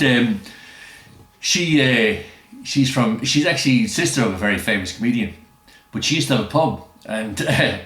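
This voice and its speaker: A man's voice: medium pitch, fairly bright tone. A man telling rambling, chuckling anecdotes in casual chat. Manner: rambling, chuckling, doing quoted voices. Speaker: storyteller. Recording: roomy echo.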